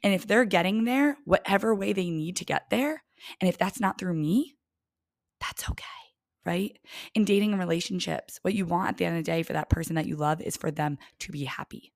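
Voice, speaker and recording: A young woman business coach hosting her own podcast, talking chattily and with emphasis, sometimes dropping to a soft near-whisper. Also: fairly low pitch, brisk, vocal fry, no room sound, clean studio sound. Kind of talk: casual solo podcast monologue.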